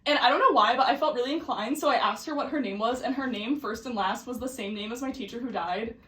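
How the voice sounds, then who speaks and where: A young woman co-hosting a casual podcast, her voice bright and a little high. She rambles through stories, fills every gap with "like" and swears freely. She sits back from the mic in an echoey room. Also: quick pace, distant mic. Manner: chatty storyteller, heavy filler "like", swears freely. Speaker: podcast co-host. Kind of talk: casual chat.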